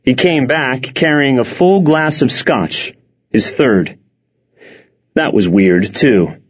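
A man reading first-person audiobook narration in a wry, expressive way. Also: medium pitch, slow, breathy edge. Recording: dull lo-fi recording.

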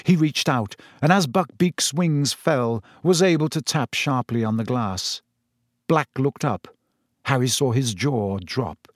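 A man narrating a story in measured, scripted storytelling. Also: mid-range voice, no room sound, studio quality. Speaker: audiobook narrator.

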